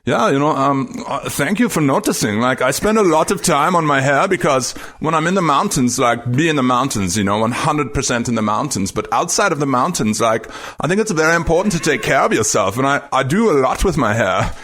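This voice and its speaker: A man's voice: expressive, brisk, hardly any pauses. A man doing an earnest, polite old mountaineer. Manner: earnest, gentle, raised pitch. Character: serious older male mountaineer, earnest and polite.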